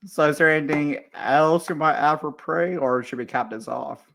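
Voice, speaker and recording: A young host leads a casual talk about films. He keeps things relaxed and joking, tossing in slang as he goes. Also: a little high, normal speed, gravelly. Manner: laid-back, joking, says "bro". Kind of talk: casual movie chat.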